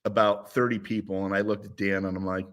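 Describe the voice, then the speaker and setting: A man's voice: on the low side, a little fast. A man in his sixties, a former football player, telling stories as a guest in a casual interview. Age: 60s. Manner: animated storyteller.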